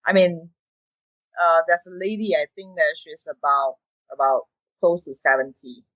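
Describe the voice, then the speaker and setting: Podcast host: woman, lowish voice, halting casual delivery, dry close sound. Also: fairly bright tone, no room sound, poor audio. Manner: hesitant, halting with repeated words. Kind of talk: casual interview chat.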